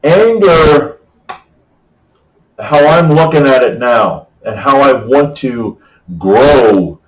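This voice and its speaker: A man's voice: mid-range voice, animated, very slow, far from the mic. A man giving a casual, rambling Bible talk to camera in a folksy way, often checking in with "okay?". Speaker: faith vlogger. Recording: echoey room, voice off-mic.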